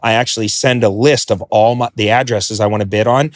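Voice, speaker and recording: A man telling a story as a podcast guest, animated, acting out quotes and swearing freely. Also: fairly low pitch, fairly quick. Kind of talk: podcast interview.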